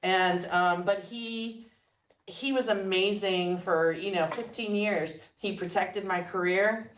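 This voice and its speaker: A woman guest telling stories in a relaxed interview, acting out what others said, often with a laugh. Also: medium pitch, slow, a little hiss or hum. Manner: animated storyteller, quotes others with laughs. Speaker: guest entrepreneur. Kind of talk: conversational storytelling. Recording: roomy sound, mic at a distance.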